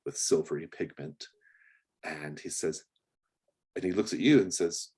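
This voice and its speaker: A man with a very low, husky voice runs a tabletop game as game master. He rambles, hesitates, and fills gaps with ums. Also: measured pace, pauses often, warm tone. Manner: rambling, hesitant, many fillers.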